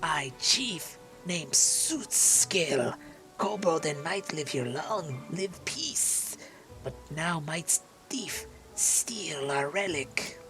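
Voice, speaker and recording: A gamer voicing a small, proud male kobold chief who speaks in slow, broken phrases. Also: medium pitch, animated, music in the background. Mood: boastful. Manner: broken grammar, slow and stubborn.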